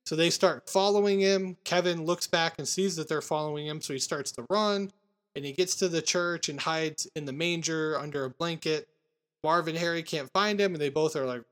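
A man hosting a casual podcast, retelling movie scenes with animated quoted lines. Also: on the high side, moderate pace. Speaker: podcast host recapping a film. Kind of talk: casual chat.

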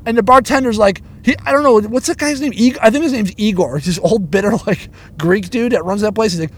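A stand-up comedian tells a story as an angry rant, heavy on profanity, stumbling and repeating himself. His voice is high-pitched and a little fast.

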